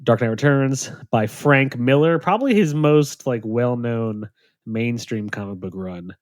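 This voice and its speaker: A man's voice: medium pitch, a little slow, dry recording, clean studio sound. A young man hosting a casual podcast chat, teasing his guests and laughing often. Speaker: podcast host.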